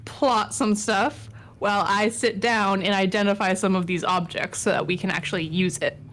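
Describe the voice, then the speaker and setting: A woman playing a tabletop game, calmly planning the party's next moves. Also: medium pitch, moderate pace. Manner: practical, planning aloud. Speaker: player. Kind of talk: tabletop role-play.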